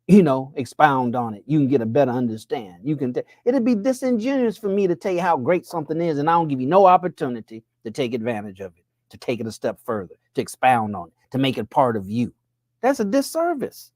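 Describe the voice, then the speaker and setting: A man preaches about money, his pitch leaping up whenever he fires off a rhetorical question. The sound is close and dry, with no room around it. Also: dry recording. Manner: preacher-like, rhetorical questions, pitch swings up when pressing a point. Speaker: money coach. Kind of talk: preaching motivational talk.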